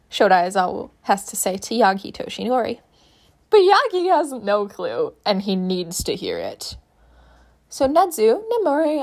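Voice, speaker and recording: A woman casually reading a fan story aloud, chatty, emphatic and swearing freely. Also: a little high. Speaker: fanfiction reader.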